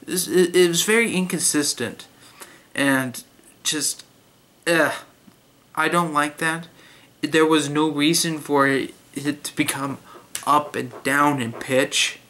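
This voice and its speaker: A man's voice: a little high, measured pace, a bit bright. A young man giving a blunt, critical spoken book review in a casual way, with many fillers and restarts.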